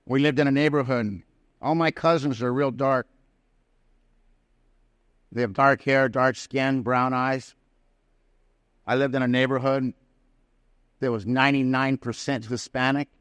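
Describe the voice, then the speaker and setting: Man, recovery speaker. Plain-spoken, folksy storyteller with a smooth, resonant voice. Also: mid-range voice, steady tone, a little slow, pauses often, fairly bright tone, no room sound. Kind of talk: personal recovery story told to a live audience. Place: prison hall.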